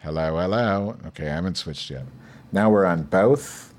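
A man's voice: sits low, normal speed, darkish tone. A man hosting a live show, rambling crudely to himself while testing his lavalier and stand microphones. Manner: crude, profane, self-talking. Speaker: show host. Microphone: lavalier and stand mic.

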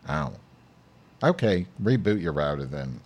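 A man's voice: low voice, big pitch swings, unhurried, vocal fry. A man hosting a live show, rambling crudely to himself while testing his lavalier and stand microphones. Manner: crude, profane, self-talking. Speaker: show host. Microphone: lavalier and stand mic.

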